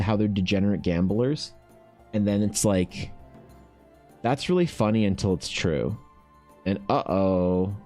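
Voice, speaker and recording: A man streaming while he paints, chatting casually and ranting with animated swearing. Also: on the low side. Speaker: artist streamer.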